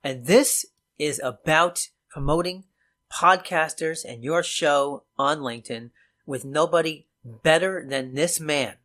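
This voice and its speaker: A podcast host chatting with guests, lively and quick to laugh. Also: medium pitch. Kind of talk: casual interview chat.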